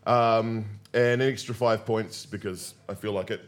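A man keeping score on a comedy podcast, laid-back and full of hesitations, over loud background noise. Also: lowish voice, fairly even intonation, normal speed. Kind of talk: casual comedy banter.

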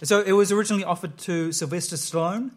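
A man's voice: sits high, fast talker. A man hosting a comedy panel game in a loose, filler-heavy, good-humoured way. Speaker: quiz host.

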